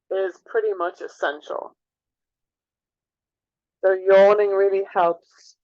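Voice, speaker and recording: Woman yoga teacher, calm unhurried guidance, dry close sound, a touch muffled. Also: mid-range voice, no room sound. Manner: gentle, unhurried guiding. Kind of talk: guided movement class. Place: room with wooden floor.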